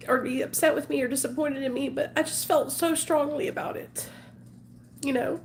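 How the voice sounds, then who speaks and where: A woman's voice: high-pitched, steady tone, moderate pace, slight background noise. A woman in her forties talking candidly to her viewers in an emotional, rambling confessional vlog. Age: 40s. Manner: emotional, earnest, rambling with fillers. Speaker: vlogger.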